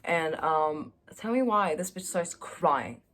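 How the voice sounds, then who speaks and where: Young woman vlogger with a slightly low voice, candid and self-mocking, casual confessional delivery. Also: expressive, slow pace, fairly bright tone.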